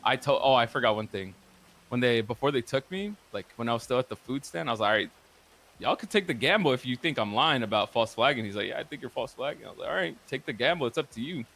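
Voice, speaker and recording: Guy telling a messy roleplay story, swears a lot, lots of likes and uhs, mid-pitched voice. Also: animated, fast talker, fairly bright tone. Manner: profane, rambling recap with frequent filler words. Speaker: roleplay streamer. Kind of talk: casual storytelling.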